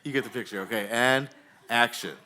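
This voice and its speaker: On a bar stage, a man with a medium-pitched voice hosts a live comedy show amid heavy noise. He directs the audience in a rambling, halting, jokey way, full of filler words.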